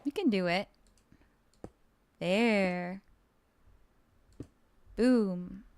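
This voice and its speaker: A woman game streamer chatting casually with her viewers while playing, bubbly and excitable, playful and joking. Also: mid-range voice, very slow, creaky, clean tone. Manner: bubbly and excitable, with gasps and giggles; playful, jokes and role-plays as a mermaid.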